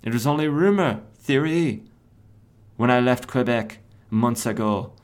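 A man's voice: medium pitch, unhurried, lightly acted. A man voicing a defiant French woman terrorist in a put-on French accent, read from a comic book.

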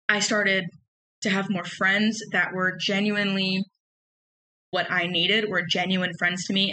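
A woman's voice: on the low side, pushed and bright, low-quality recording. A woman in her twenties hosting a podcast, telling a personal story in an earnest, candid ramble full of fillers and restarts. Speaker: podcast host.

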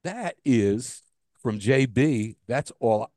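A man's voice: mid-range voice, lively intonation, extremely slow, warm tone, no room sound, clean studio sound. A middle-aged man co-hosting a casual podcast, telling stories and jokes in a loose, joking way with the odd swear. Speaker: podcast co-host. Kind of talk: casual chat.

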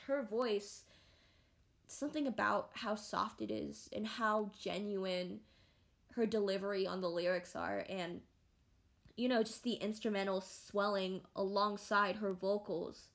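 A young woman chats on her own podcast in a loose, rambling way. She restarts sentences and fills pauses constantly, her voice sitting at an ordinary middle pitch. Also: creaky. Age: young adult. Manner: rambling and animated, many fillers and restarts. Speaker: podcast host. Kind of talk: casual solo podcast chat.

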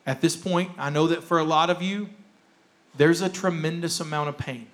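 A man's voice: a little high, normal speed. A male pastor preaching a sermon, emphatic and repetitive, acting out the excuses people make. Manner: emphatic, repeats key phrases, acts out quoted excuses. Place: church.

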